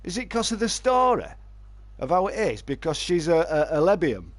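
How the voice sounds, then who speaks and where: A man's voice: sits high, big pitch swings, normal speed, dry recording. A man streaming a fishing game live, chatting and joking with his viewers and answering their messages.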